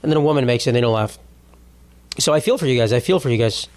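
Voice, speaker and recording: A man's voice: mid-range voice, animated, rapid-fire, darkish tone. A young man hosting a solo comedy podcast, rambling and sarcastic, swearing freely as he riffs. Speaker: podcast host.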